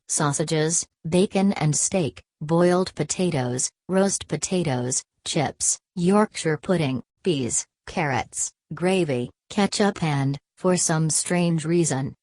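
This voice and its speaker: Low-voiced woman narrating an audiobook. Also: a little mellow, no room sound.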